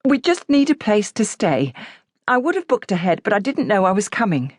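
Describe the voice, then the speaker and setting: Rich: A frightened, worn-out young mother, as a woman narrator puts her on, pleading at a locked door. Her voice rides high and halting, close to tears. The recording is close and dry. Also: lively intonation, no echo.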